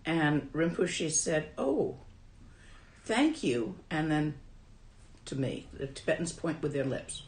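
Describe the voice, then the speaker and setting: A woman's voice: low-pitched, fairly even intonation, measured pace, roomy sound, low-quality recording. A woman who teaches Buddhism and translates Tibetan, telling a story from her own life in a dharma talk in a casual, wry way.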